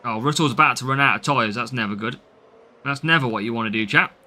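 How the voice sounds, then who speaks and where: A young male game streamer with an English Midlands accent chats his way through live game commentary, reading out viewers' names and greeting them. He talks fast in a mid-range voice with a sharp tone.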